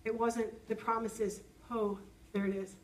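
A woman's voice: a little high, level tone, measured pace, slight background noise. Earnest woman preaching from a distance. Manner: earnest, personal testimony with acted-out prayers. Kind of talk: sermon.

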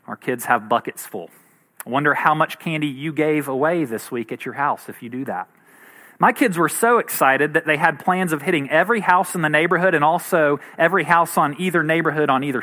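A man's voice: fairly high pitch, pushed and bright. A man in his thirties, a pastor giving a sermon in a conversational, earnest way. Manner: conversational and earnest, with light laughs.

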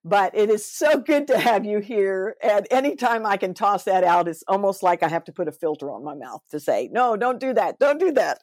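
A woman hosting a podcast interview, bubbly and expressive, her voice swooping up when she gets excited. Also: mid-range voice, normal speed, hardly any pauses, dry recording, studio quality. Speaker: podcast host.

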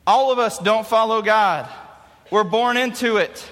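A man in his thirties, a youth pastor preaching a sermon with animated storytelling. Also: sits high, a little slow. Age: 30s. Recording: long hall reverb.

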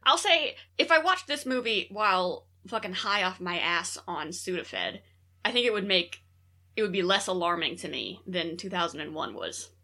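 A young adult woman co-hosting a podcast in casual chat, joking and swearing with deadpan boasts. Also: lowish voice, moderate pace. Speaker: podcast co-host.

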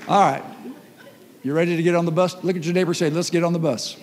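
Preaching a sermon in a church hall, a pastor tells stories animatedly and acts out the voices, speaking fast with a voice on the high side. The hall's long reverb fills the recording, along with slight background noise.

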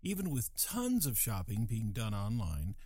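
An older man hosting a scripted comic monologue with a wry, deadpan edge. His pitch moves a lot as he teases the listener. The sound is close and dry, with no room in it. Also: a little slow, breathy edge, no room sound. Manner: dry, wry delivery with playful voices. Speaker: comedic host.

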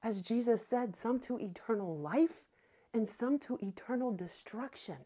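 A woman's voice: on the high side, a little slow, warm tone. A woman preaching a sermon with fervour, addressing her listeners as friends and having them repeat phrases after her. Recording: slightly dull, lo-fi audio.

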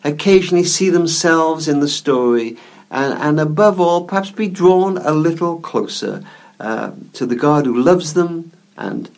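A guest author and speaker, a man with a fairly high-pitched voice, shares a story in an interview. He's gentle and reflective, and words often get repeated as he talks.

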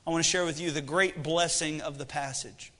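A man's voice: on the high side, fairly even intonation, brisk, a bit bright, in a large hall. A man in his thirties preaching a sermon, mixing scripture reading with joking family stories and rhetorical questions. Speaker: pastor.

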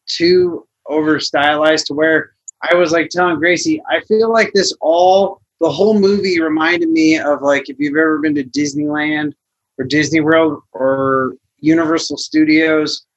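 A man's voice: fairly high pitch, steady tone, measured pace, dull audio. A man co-hosting a casual movie review podcast, rambling with lots of fillers and some swearing. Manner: rambling, many likes, swears. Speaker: podcast co-host.

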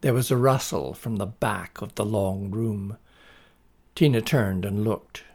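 A male storyteller reading a children's tale aloud, taking his time over each sentence. His voice is gravelly with plenty of creak, and his pitch sits in the middle range. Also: a little mellow. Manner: slow, deliberate storybook reading.

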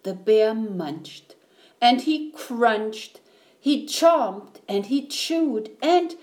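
A woman reading a picture book aloud, slow and expressive. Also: a little high. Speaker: storyteller.

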